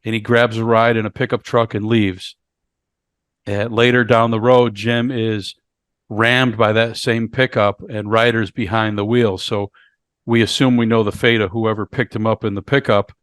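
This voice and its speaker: A male podcast co-host with a voice on the low side and a fairly bright tone recaps a horror movie in casual review chat. His pitch barely moves, and he often halts to repeat words while covering the plot. The studio audio is clean and echo-free.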